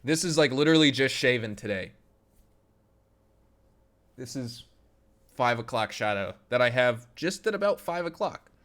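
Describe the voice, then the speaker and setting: A man's voice: medium pitch, expressive, moderate pace, long pauses, a bit bright. A young adult man hosting a casual game live stream. He reads out and answers chat in a loose, joking way and laughs often. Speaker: gaming streamer.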